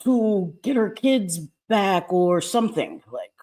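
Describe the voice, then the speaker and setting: A woman's voice: mid-range voice, sing-song, slow pace, mellow. A woman in her fifties hosting a casual livestream, chatting and greeting viewers by name with frequent laughter. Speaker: livestream host.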